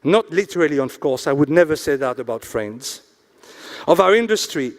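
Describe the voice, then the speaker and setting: High pitched guy emceeing awards, joking around, reading out sponsor names slow. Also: expressive. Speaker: awards ceremony host. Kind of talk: emcee announcing and joking on stage. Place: hotel event hall.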